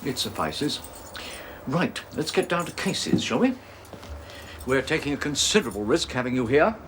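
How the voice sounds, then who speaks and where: A chuckling, wary Labour politician. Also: male voice, medium pitch, sing-song, moderate pace, fairly bright tone, a little hiss or hum. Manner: chuckling, hesitant, with fillers. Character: wary, jovial Labour politician, male, easily flattered. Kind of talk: sitcom acting.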